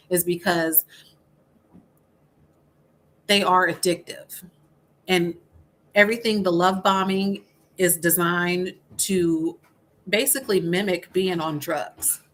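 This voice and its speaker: A woman's voice: lowish voice, a bit bright. A middle-aged woman guest telling a hard personal story candidly, with many fillers and restarts.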